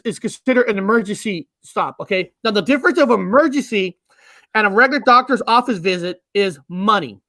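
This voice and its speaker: A man's voice: high-pitched, a bit bright, dry recording. Guy ranting and cussing about a bill, keeps repeating himself, dry close mic. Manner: angry, profane, repeats himself. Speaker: podcast host. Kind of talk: casual ranting chat.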